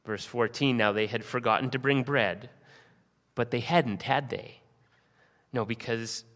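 Earnest low-voiced pastor preaching in a hall. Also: male voice, a bit bright. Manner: earnest, rhetorical questions, reads scripture aloud. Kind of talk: sermon. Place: church sanctuary. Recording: long reverb of a church hall.

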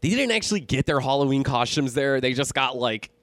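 A man in his thirties, tipsy from drinking, tells rambling, profane stories in a casual chat. His mid-range voice moves fairly quickly and he's animated throughout, with a dry recording.

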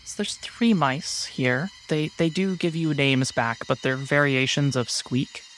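A man's voice: on the high side, unhurried, fairly bright tone, slight background noise. A man acting as game master, describing the scene in an easygoing way. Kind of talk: narrating a tabletop game.

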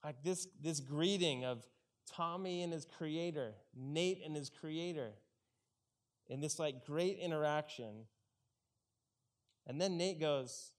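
Man, pastor, conversational sermon, acts out characters' lines, slightly high voice. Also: slow pace, long pauses.

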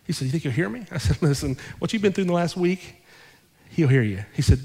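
A male pastor telling a story in a sermon, acting out both sides of the conversations with lively shifts in his voice. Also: on the high side, fast, slightly rough. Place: church sanctuary. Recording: long hall reverb.

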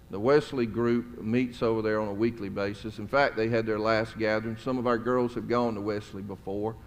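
Folksy pastor in a reverberant hall. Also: male voice, fairly low pitch, a little hiss or hum. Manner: conversational, folksy, chuckling asides. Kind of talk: storytelling sermon. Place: church sanctuary. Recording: long church hall reverb.

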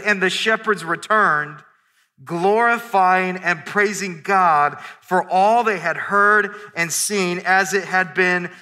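A man preaching a sermon as pastor, earnest and restarting phrases, slowing down to stress scripture. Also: high voice, pushed and bright, long reverb tail. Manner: earnest, repeats words when starting phrases.

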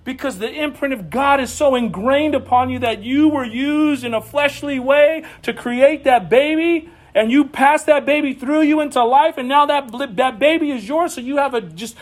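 High-voiced animated man preaching. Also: moderate pace, few pauses. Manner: animated preaching with bursts of raised voice. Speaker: pastor. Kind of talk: sermon.

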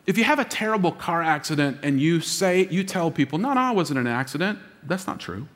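A man preaching as lead pastor, dramatic, dropping to a hush for emphasis and acting out quoted voices. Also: a little high, expressive, brisk. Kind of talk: sermon. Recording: long reverb of a large hall.

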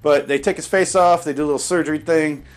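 A man's voice: on the high side, steady tone, fast. A man giving casual, profane and sarcastic commentary on a movie while watching it.

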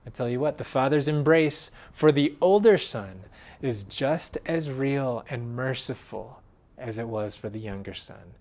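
A man preaching a sermon in an earnest way, swinging from loud emphasis to hushed, quiet phrases. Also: mid-range voice, expressive, unhurried. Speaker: pastor.

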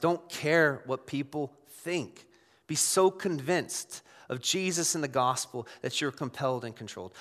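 A man preaching a sermon as pastor, conversational and animated, firing off rhetorical questions. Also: medium pitch, a little slow, in a large hall.

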